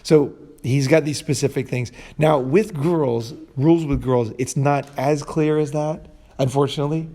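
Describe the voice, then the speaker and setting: Guy hosting a podcast, blunt and rambly, swears a lot, mellow dark tone. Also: a little high, normal speed. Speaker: host. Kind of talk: casual podcast chat.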